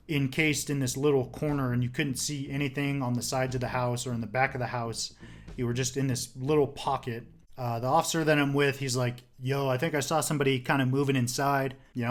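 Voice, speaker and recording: A young man telling a story in a casual, rambling way, full of "like" and swearing. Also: medium pitch. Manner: rambling, filler-heavy, swears.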